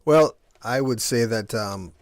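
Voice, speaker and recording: A man who organizes a basketball tournament, a guest on a radio sports show, talking with halting starts and repeated words. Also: mid-range voice, no room sound.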